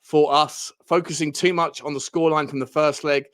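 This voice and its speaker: A man putting on a mock Spanish accent to read a football manager's press-conference quotes, in a halting way with restarts. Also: on the high side, fairly even intonation, a bit bright, lightly acted. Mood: quoting.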